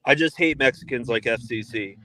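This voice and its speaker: A man's voice: medium pitch, brisk, pushed and bright, a little hiss or hum. A man ranting crudely and heatedly in casual group chat banter.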